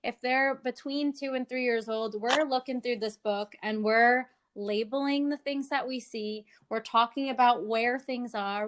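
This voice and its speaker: A woman speech-language pathologist explaining tips in an interview, animated and clear, slipping into playful child-talk examples. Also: on the high side, measured pace, hardly any pauses.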